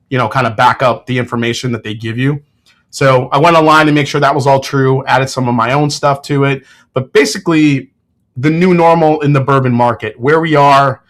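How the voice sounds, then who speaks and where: Man, livestream host, casual chat, relaxed, rambling, fillers and self-corrections, mid-pitched voice. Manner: relaxed and rambling, reading viewer comments aloud. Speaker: whiskey reviewer and channel host.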